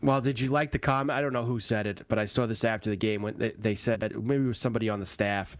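A man's voice: lowish voice, steady tone, fast, dry recording. A man hosting a sports radio show, talking in an emphatic, mocking way and repeating himself.

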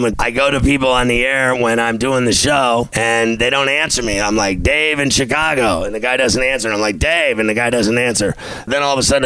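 A loud, boastful man with a smooth, clear voice runs a sports podcast monologue. He brags and threatens jokingly, recorded close and dry with no room sound. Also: medium pitch, no room sound, poor audio. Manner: boastful, loud, mock-tough. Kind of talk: brash comedic monologue.

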